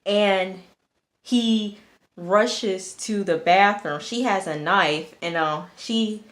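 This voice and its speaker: A young woman recapping a TV episode for her viewers in a chatty, animated way, full of fillers and blunt cursing. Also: medium pitch, very slow. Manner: many fillers, outbursts of cursing. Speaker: TV episode reviewer. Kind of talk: casual episode recap to camera.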